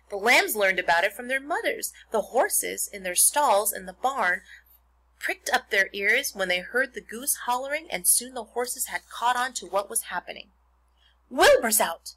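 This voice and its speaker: A woman teacher reading a children's novel aloud to her pupils, expressive and stopping to explain words. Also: mid-range voice, breathy edge, rough recording.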